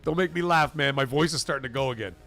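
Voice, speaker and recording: A man hosting a live stream, talking in a casual, emphatic and repetitive way, his voice getting hoarse. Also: medium pitch, fast, music in the background. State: voice going hoarse. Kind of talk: casual live-stream chat reading donations.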